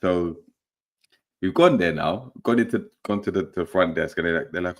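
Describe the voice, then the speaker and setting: A man's voice: low voice, normal speed. A young man hosting a casual football podcast, telling stories in a laid-back, laughing way. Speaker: podcast host. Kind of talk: casual football chat and storytelling.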